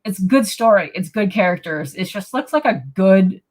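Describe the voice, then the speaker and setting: A woman hosting a casual live podcast chat, excitable and quick to laugh, reacting to viewer comments. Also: medium pitch. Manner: excitable, laughs often, reads chat aloud. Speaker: podcast host.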